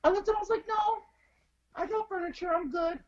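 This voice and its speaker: A woman's voice: very high-pitched, fast talker, dull audio. A woman guest telling a story in casual chat, acting out each person's lines as she goes. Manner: animated, acts out dialogue in quotes.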